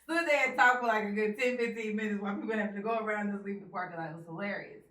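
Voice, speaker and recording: Bright, loud Texan woman host in an echoey room. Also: mid-range voice, rapid-fire, recorded from a distance. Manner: loud, laughing storyteller, Southern Black vernacular. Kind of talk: casual chat.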